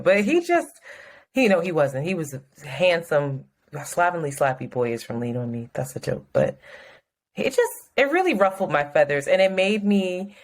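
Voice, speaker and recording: A woman co-hosting a podcast in casual chat, telling a story frankly and with plenty of swearing. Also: lowish voice. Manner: frank, profane, animated storytelling. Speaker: podcast co-host.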